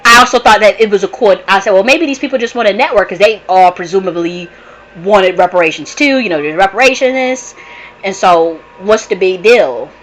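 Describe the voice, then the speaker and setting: A woman host talking in a casual monologue, an animated storyteller who swears a lot and restarts her sentences often. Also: medium pitch, a little fast, rough recording. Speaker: channel host.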